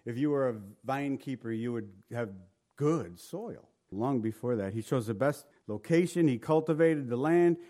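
Man, Bible study teacher, reads scripture then explains it, halting repeated words, mid-pitched voice. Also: a little mellow.

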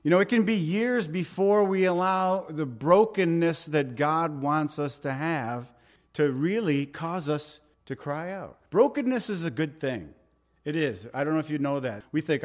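A middle-aged man preaching a sermon as pastor, earnest and conversational, asking rhetorical questions and pleading with light humor. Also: fairly high pitch.

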